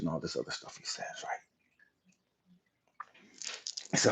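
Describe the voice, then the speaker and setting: A man's voice: low voice, rapid-fire, husky, highs cut off. A man hosting a livestream, telling an emotional personal testimony in a raw, profane storytelling manner. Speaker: livestream host.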